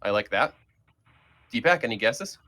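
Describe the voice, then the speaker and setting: A man's voice: medium pitch, expressive, normal speed, sharp tone. A man leading a casual group chat as host, talking in a rambling way with many fillers and restarts.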